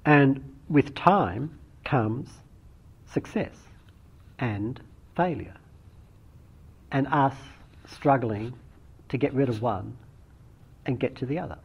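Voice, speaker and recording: A middle-aged man giving a reflective, unhurried dharma talk as a meditation teacher, often restarting his phrases. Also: mid-range voice, expressive, vocal fry, breathy edge. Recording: dull lo-fi recording.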